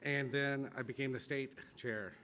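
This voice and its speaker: A man from Missouri giving an earnest, halting campaign speech at a podium in a convention hall. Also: medium pitch, steady tone, very noisy. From Missouri, USA. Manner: earnest, halting with repeated restarts. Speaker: campaign speaker.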